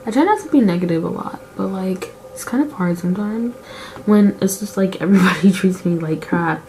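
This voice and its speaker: A woman's voice: medium pitch, fairly quick, darkish tone, slight background noise, low-quality recording. A girl in her late teens chatting casually while doing her makeup, rambling and confessional, with lots of "like" fillers. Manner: candid and emotional about her feelings. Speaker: beauty vlogger.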